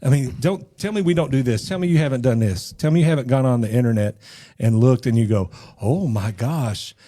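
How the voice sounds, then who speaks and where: Mellow-voiced man chatting on a podcast. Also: medium pitch, fast. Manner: animated, repeats words when starting a thought. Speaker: podcast co-host. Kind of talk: casual chat.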